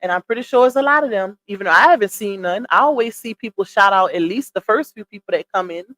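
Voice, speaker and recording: A woman's voice: mid-range voice, lively intonation, fast, fairly bright tone, dry recording. A woman in her thirties from the US South, hosting a live stream in a chatty, casual way, greeting viewers by name and reading their comments aloud. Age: 30s. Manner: laughs often, Southern slang like "child" and "y'all".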